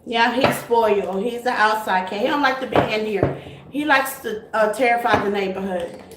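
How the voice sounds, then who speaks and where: A woman's voice: fairly high pitch, normal speed. A woman hosting a tarot live stream, chatting casually and greeting her viewers with terms like baby and honey. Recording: echoey room, faint noise.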